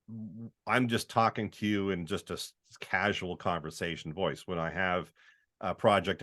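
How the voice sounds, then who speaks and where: Middle-aged canadian guy, voiceover artist chatting on a podcast, lowish voice, keeps acting out little voices as he talks. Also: a bit bright. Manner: chatty, often acts out quoted voices. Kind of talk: casual podcast conversation.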